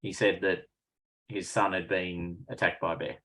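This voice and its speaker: A man running a tabletop game as game master, relaxed and chatty, with frequent ums. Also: low voice, moderate pace, rough recording.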